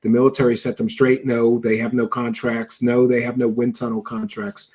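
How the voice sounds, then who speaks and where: A man's voice: mid-range voice, level tone, normal speed, darkish tone, breathy edge. A man hosting a show, giving mocking, sarcastic commentary over video clips and thanking viewers for donations. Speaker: show host reacting to clips.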